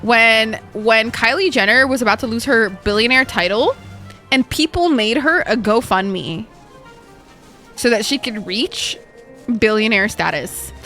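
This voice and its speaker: A young adult woman streamer chatting casually while gaming, ranting in an animated, profane way. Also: fairly high pitch, unhurried, soft background music.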